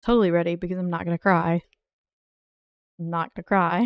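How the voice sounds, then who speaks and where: A woman's voice: on the low side, slow pace, no room sound, highs cut off. A woman game streamer chatting casually with her viewers in a playful, teasing way and laughing often. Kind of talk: casual live-stream chat.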